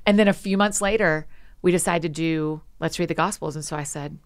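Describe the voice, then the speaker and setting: A woman guest on a podcast, chatting casually and telling stories with animated energy and quick asides. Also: sits low, clear, resonant tone. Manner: frequent laughs and quick asides. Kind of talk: casual conversation.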